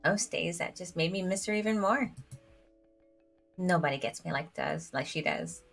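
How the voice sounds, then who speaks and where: A woman's voice: fairly low pitch, expressive, normal speed, gravelly, fairly bright tone, faint music behind. A woman streaming a story game, reading its dialogue aloud in a chatty, giggly way, filling her talk with "like". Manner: giggly, chatty, fills speech with "like".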